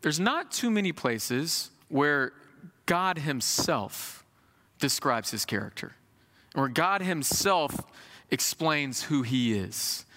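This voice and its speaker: Bright-voiced, animated man preaching a sermon. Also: on the high side, slow pace, long reverb tail. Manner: animated, conversational preaching with folksy asides.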